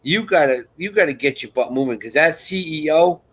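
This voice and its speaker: A man's voice: on the high side, expressive, brisk, a bit bright, slightly rough, poor audio. A man hosting a live chat, telling a rambling story and acting out other people's lines. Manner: rambling and repetitive, restarts sentences; acts out others' lines in quoted voices.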